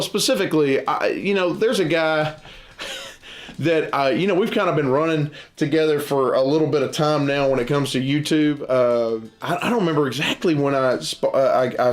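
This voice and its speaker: A man hosting a board game channel, chatting to camera in a rambling, enthusiastic way, often restarting his sentences. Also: a little high. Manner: loud and boisterous at times. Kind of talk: casual chat to camera.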